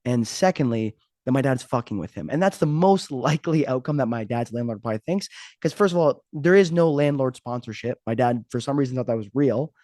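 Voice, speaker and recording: Kicking off his podcast casually, a host rambles and jokes, mocking himself as he goes. He talks fairly quickly at medium pitch with lively intonation and a slightly mellow tone, in a dry, studio-quality recording.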